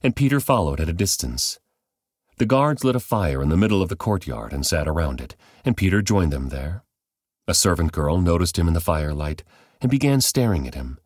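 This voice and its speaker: A man reading a Bible passage aloud as measured, scripted narration. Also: low voice, very animated, slightly rough, dry recording, studio quality. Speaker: Bible reader.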